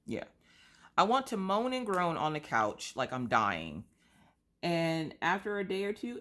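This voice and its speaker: A craft vlogger with a stuffy nose chats casually while coloring for her channel, her voice low-pitched and unhurried. She complains in an animated, over-the-top way, full of rhetorical questions.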